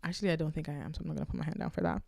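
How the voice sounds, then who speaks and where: A woman with a fairly low voice hosts her own podcast and talks frankly to the listener. She tells personal stories in a relaxed, lively way, and the sound is dry and close, with no room echo. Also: racing, creaky. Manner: candid, conversational, animated storytelling. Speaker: podcast host. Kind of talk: casual solo podcast talk.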